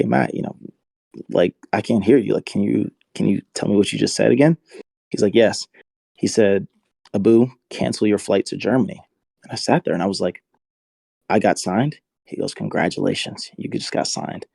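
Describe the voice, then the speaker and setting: Low gravelly man in his twenties. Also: dark tone, no echo. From United States. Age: 20s. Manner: earnest, emotional retelling. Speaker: guest, football player. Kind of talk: interview storytelling.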